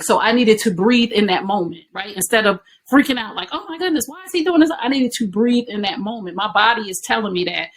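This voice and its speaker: A woman's voice: mid-range voice, slight background noise, low-quality recording. A woman being interviewed, explaining her points in a teaching way and asking herself rhetorical questions that often end in "right?". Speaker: guest. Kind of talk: conversational interview.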